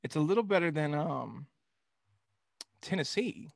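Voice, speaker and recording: A man's voice: fairly high pitch, expressive, measured pace, gravelly, dry recording. A young man co-hosting a casual sports talk show, joking and slipping into silly impressions.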